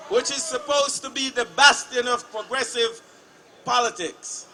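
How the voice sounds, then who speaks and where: A male legislator speaking at a protest rally in a deliberate, chant-like way, leading repeated calls. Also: extremely high pitch, fairly even intonation, pushed and bright. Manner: slow, deliberate, chant-like repetition. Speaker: state legislator.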